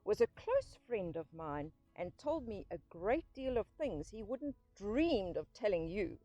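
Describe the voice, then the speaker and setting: A stern old badger, wise and severe, speaks in a thin, dry voice, as a woman reader puts him on. His pitch climbs and falls widely as he scolds and soothes. Faint music sits under this storybook reading. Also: big pitch swings, unhurried, no room sound. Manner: severe, commanding, then gently soothing.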